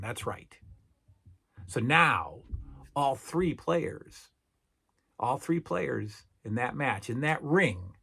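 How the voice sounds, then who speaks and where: Hyped middle-aged man pitching toys. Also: lively intonation, a little slow, fairly bright tone, slightly rough. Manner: emphatic salesman-like patter, repeats phrases. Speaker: toy collector channel host. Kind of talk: hyped toy review vlog.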